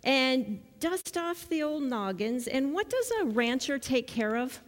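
Woman leading a children's message; coaxing, question-asking, a bit high-pitched, with a reverberant sanctuary sound. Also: measured pace. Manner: lively, coaxing, encouraging, asks questions. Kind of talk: children's sermon with questions to kids. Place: church sanctuary.

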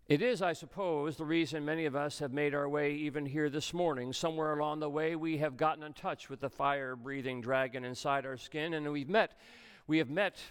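Gravelly, resonant male pastor preaching. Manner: dramatic swings between soft low passages and raised emphatic ones. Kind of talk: sermon.

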